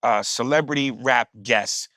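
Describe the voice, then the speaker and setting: A man with a New York accent tells a story in a lively, animated way, dropping profanity as he goes. His voice sits in a mid range, and it is recorded dry and close. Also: medium pitch, measured pace, dry recording. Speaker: podcast guest, comedian. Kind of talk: casual conversation.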